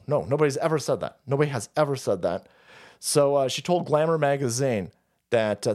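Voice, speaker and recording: A man's voice: medium pitch, fairly quick. A man hosting a livestream, ranting in a mocking, sarcastic, foul-mouthed way and sliding into mock voices. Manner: animated, swings into mock voices. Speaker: livestream host. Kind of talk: profane political commentary rant.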